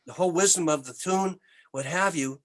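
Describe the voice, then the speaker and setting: An older Canadian man, a musician guest, telling animated anecdotes in an interview with many restarts. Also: on the high side, normal speed. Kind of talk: storytelling interview.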